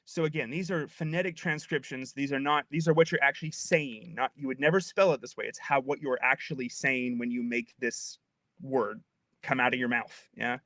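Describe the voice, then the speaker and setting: A man's voice: medium pitch, normal speed, a bit bright, no room sound, clean studio sound. A man, a linguist on a video call, patiently explaining speech sounds in a casual chat with playful asides. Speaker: linguist guest.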